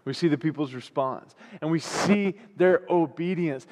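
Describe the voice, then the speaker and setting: A male pastor delivers a sermon, hammering home his points through repetition as his intensity builds. His voice sits a bit high. The sound carries the long reverb of a church hall. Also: moderate pace, hardly any pauses, darkish tone.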